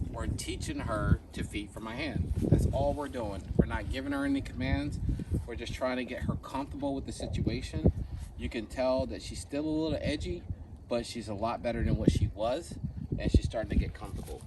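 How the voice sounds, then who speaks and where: A man demonstrating dog training outdoors, explaining each step in a relaxed way and tagging his points with "right?" He sounds a bit away from the mic, with steady background noise around him. His voice sits at an ordinary middle pitch. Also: normal speed, far from the mic. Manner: switches to a high squeaky praise voice for the dog.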